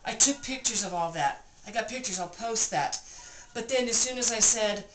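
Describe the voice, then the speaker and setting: A woman's voice: on the high side, moderate pace. Woman telling a breathless story in a roomy cabin. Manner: animated, breathless retelling; repeats phrases for emphasis. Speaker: vlogger recounting an experience. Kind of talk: casual storytelling. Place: cabin room. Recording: roomy room with clear background noise.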